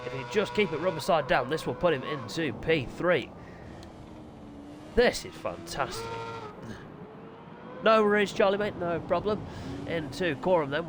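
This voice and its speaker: A man commentating live sim motorbike racing on his own stream, excitable and chatty with joking asides. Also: fairly high pitch, background noise. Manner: excitable, chatty, self-deprecating, swings to exasperated asides. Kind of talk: live esports race commentary.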